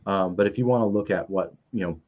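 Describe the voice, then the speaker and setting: A publisher appearing as a guest on a livestream panel chats casually, his deep voice moving fast. He sounds hesitant, using many fillers, interrupting himself and restarting often, over dull lo-fi video call audio.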